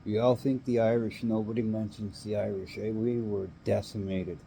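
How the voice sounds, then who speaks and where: A man's voice: lowish voice, little pitch movement, normal speed, vocal fry, hardly any pauses, dark tone, slight background noise. A Canadian man ranting in an angry, emphatic monologue, swearing now and then.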